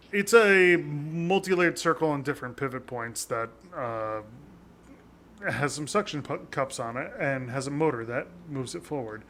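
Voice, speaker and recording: A man's voice: mid-range voice, sharp tone, a little hiss or hum. A man co-hosting a casual podcast, rambling with lots of fillers and frequent laughter. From North America. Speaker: podcast co-host.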